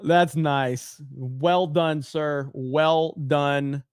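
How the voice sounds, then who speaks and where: A man hosting a casual livestream, reading chat messages aloud and reacting in excitable, profane bursts that drop into low mutters. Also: drawn-out words, smooth, no echo, clean studio sound. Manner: excitable and profane, swings between loud outbursts and low mutters. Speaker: livestream host.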